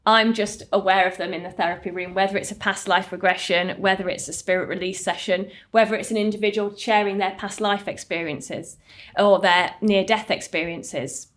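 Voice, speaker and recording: A woman's voice: fairly even intonation, moderate pace, fairly bright tone. A woman, a therapist telling stories in a recorded talk to a group. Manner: earnest storytelling, slightly higher pitch.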